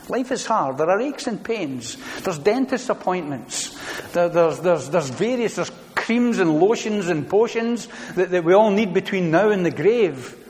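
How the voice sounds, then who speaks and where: A middle-aged man preaching a sermon, earnest, building to loud emphatic declarations with repeated phrases. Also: high voice. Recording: long reverb of a church hall.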